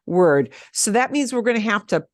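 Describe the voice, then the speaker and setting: A middle-aged woman teaching a beginner Spanish class, upbeat and encouraging, modeling phrases slowly so students can repeat them. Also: mid-range voice, very animated, no room sound, studio quality. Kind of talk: online beginner language class.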